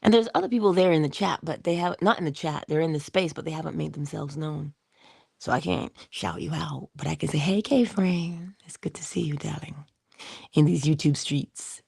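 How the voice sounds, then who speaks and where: A woman with a low, gravelly, husky voice talks through a casual motivational livestream. She is playful, slips into breathy whispered asides and bursts into animated quoted voices. The sound is close and dry. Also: dry recording. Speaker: livestream host.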